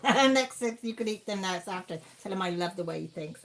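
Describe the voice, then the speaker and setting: A woman hosts a craft livestream, chatting casually as she reads out viewer messages and answers them. Her mid-range voice is fairly bright, with lively intonation and a slightly fast pace.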